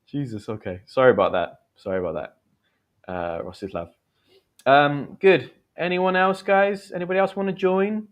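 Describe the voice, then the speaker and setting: With a medium-pitched voice, lively intonation and normal speed, this man runs a livestream as an English teacher. He chats, encourages his audience, teaches, and reads comments aloud.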